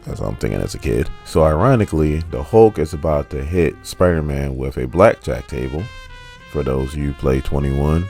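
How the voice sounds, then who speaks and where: A man's voice: a bass voice, animated, normal speed, gravelly, warm tone, soft background music. A man in his forties casually retelling a comic story, with laid-back joking asides. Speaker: comic book recap host.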